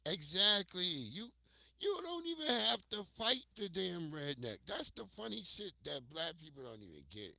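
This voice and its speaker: An American man talks to his livestream viewers, spinning profane, animated stories. His voice is forceful and bright, pitched a little high for a man. The sound is dry and close. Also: moderate pace, creaky, no echo. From United States. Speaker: livestream host. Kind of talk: casual storytelling on a livestream.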